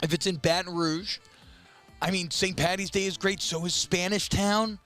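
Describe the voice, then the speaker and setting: A man's voice: high-pitched, steady tone, moderate pace, fairly bright tone, soft background music. A man co-hosting a sports radio show, chatting casually with a joking, rambling, self-mocking manner. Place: radio studio.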